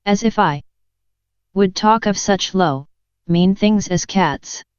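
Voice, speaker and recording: A woman voicing a touchy small male mouse in a storybook reading, speaking slowly with an offended, indignant manner. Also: mid-range voice, clear, resonant tone, no room sound, natural voice. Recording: dull lo-fi dry recording.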